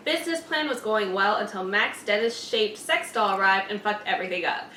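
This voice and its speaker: A woman's voice: medium pitch, animated, a little fast, sharp tone. A woman hosting a reaction channel, reading viewer comments aloud in a chatty way. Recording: echoey room, distant mic, faint noise.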